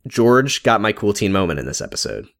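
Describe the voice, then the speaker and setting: Lively man recapping a show, casual. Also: fairly low pitch, vocal fry. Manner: animated, quick to act out quotes in a dropped voice. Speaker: podcast co-host.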